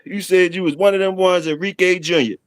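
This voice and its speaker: A middle-aged man chats casually on his own stream, swearing freely and laughing as he teases people. His voice sits a little high for a man. The sound is dry and close, with no room echo. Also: fairly even intonation, fairly quick. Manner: laughing, profane, teasing banter. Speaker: channel host. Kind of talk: casual livestream chat.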